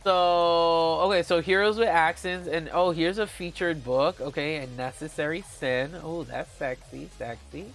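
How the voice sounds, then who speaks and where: A man's voice: fairly high pitch, unhurried, few pauses, a bit bright, faint music behind. A man chatting casually to viewers on a live stream, gushing and giggly, often calling out to them as guys. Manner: giggly, with playful exclamations. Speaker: book vlogger.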